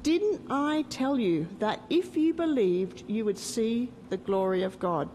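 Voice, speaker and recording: A woman telling a story to a group and voicing a calm, commanding grown man in a slower, lower, measured way. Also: long reverb tail, a little hiss or hum, low-quality recording. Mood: solemn.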